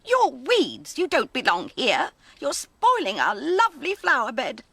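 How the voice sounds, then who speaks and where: A woman's voice: high voice, huge pitch swings, a little slow, bright, forceful tone, husky, no room sound, voice pushed up, full character voice. A woman voicing a group of proud, snobbish lilies in a children's storybook tale, pompous and shrieking. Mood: outraged. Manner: pompous, shrieking, sing-song. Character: snooty haughty female lilies, proud and shrill.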